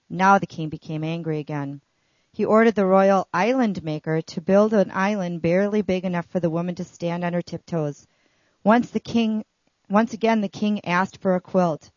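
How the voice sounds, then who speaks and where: A woman reading a children's story aloud in an expressive storytelling manner. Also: mid-range voice, moderate pace, dry recording, dull audio.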